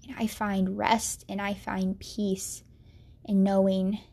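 A young woman earnestly telling a personal faith story, sorrowful and reflective, sometimes dropping to a soft whisper. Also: medium pitch, little pitch movement, slow, vocal fry, breathy edge. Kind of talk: personal testimony monologue.

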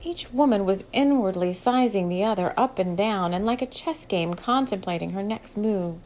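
Female audiobook narrator, mid-pitched, steady, measured read. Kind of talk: scripted narration.

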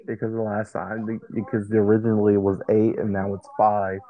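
A man's voice: fairly low pitch, level tone, normal speed, phone-quality sound. Man explaining things with many restarts. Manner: explains step by step, with frequent restarts. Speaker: son guiding his mother through documents. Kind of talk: casual chat.

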